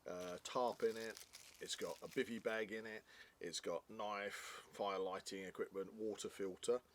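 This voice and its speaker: A man's voice: lowish voice, steady tone, unhurried, a little hiss or hum. A man co-hosting a casual product review, chatty and jokey, explaining things at length.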